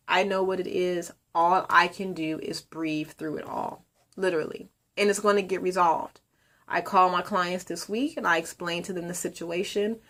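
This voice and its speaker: A woman who runs a body care business, telling a story in a calm, upbeat motivational video message. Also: on the low side. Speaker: colon hydrotherapist and business owner.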